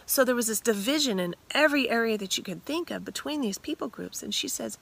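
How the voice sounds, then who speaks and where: A woman retelling a scripture story dramatically, animated and often dropping to whispers. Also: on the high side, quick pace, vocal fry.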